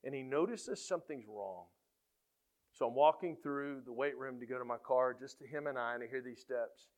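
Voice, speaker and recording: A middle-aged man, a football coach, tells faith stories to a room with lively energy, his voice sitting in an ordinary middle register. He gets loud and punchy whenever he acts out what people said. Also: medium pitch, normal speed. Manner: animated, gets loud when acting out quotes. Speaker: high school football coach. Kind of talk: faith-based storytelling talk.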